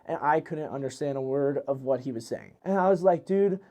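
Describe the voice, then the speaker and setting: A man's voice: mid-range voice, animated, a little fast, warm tone. A young man hosting a podcast, rambling through a crude comedic monologue with lots of fillers and restarts. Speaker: podcast host. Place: New York City.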